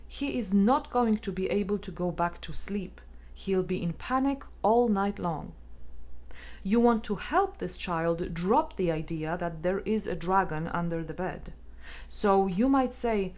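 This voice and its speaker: A woman narrating a self-help text in a calm, measured and gently instructive way. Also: medium pitch. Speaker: audiobook narrator.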